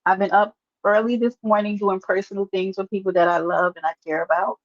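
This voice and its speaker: A woman's voice: mid-range voice, level tone, a little fast, no room sound, lo-fi sound. A woman hosting a casual livestream, chatting and teasing as she answers viewers by name. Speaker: livestream host. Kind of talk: casual live-stream chat.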